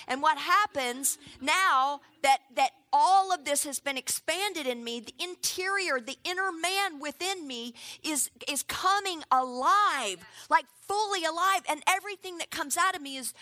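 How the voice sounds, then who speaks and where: A middle-aged woman preaching a sermon in an animated way, often calling out to her listeners. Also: high-pitched, dry recording. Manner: animated, calls out "come on" to the crowd.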